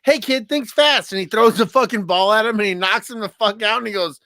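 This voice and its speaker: A man co-hosting a podcast in casual chat, excitable, laughing often and swearing freely. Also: high voice, fast talker, no echo. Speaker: podcast co-host.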